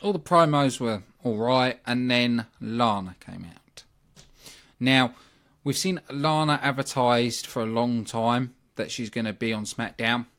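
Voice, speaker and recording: Hosting a wrestling review show, this man with a British accent speaks at a measured pace in a medium-pitched, somewhat bright voice. He's chatty and opinionated, bluntly weighing in with frequent ums and asides.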